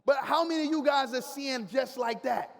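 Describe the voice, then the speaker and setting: A man giving an energetic, preachy motivational speech to a live crowd in a large hall, talking in slang and getting the audience to repeat after him. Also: extremely high pitch, moderate pace, vocal fry. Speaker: motivational speaker. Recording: long hall reverb.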